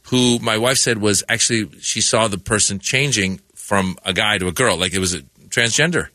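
A man's voice: fairly low pitch, moderate pace, no echo. A man who is a comedian guest in a radio studio, telling a story in casual chat and acting out the people in it. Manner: animated storyteller who acts out the people in his stories. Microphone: studio microphone.

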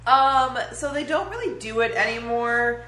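A woman's voice: on the high side, animated, normal speed, sharp tone. A woman co-hosting a casual podcast chat, laughing as she retells comedy scenes. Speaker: podcast co-host. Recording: roomy echo, faint ambient hiss.

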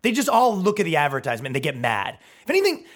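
Animated man in his thirties, ranting. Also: on the high side. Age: 30s. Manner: profane, heated, mimics people in quick put-on voices. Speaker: podcast host. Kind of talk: comedic podcast rant.

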